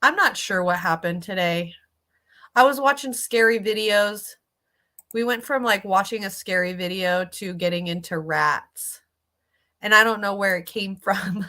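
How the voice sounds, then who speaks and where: A woman's voice: medium pitch, a little slow, pushed and bright. A woman streamer reacting casually to videos, chatty and sympathetic, swearing freely.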